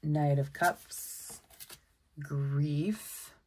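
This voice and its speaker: A woman giving a casual tarot deck walkthrough, chatty and excitable, often exclaiming over the cards. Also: low voice, extremely slow, slight background noise. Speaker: tarot content creator.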